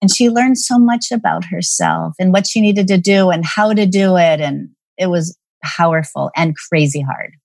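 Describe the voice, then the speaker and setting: A middle-aged woman, a parenting expert, telling candid, animated stories in a podcast chat. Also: fairly low pitch, normal speed, vocal fry, few pauses, no echo.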